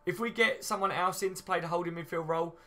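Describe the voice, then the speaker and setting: A man's voice: high-pitched, steady tone, fast talker, pushed and bright. A man hosting a casual live stream, chatting and reading out viewer comments with easy banter. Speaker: fan channel host.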